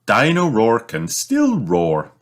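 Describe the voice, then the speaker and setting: A man voicing a kind, cheerful mother pig from a children's storybook in a soft, reassuring voice. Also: fairly low pitch, huge pitch swings, a little slow, pitched above the performer's own voice, exaggerated voice.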